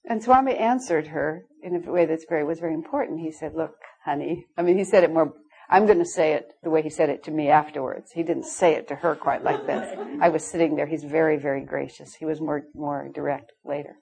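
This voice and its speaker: A middle-aged woman gives an informal spiritual class. She tells stories candidly, and her lowish voice often breaks into laughter. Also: brisk, vocal fry, mellow, low-quality recording. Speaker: spiritual teacher.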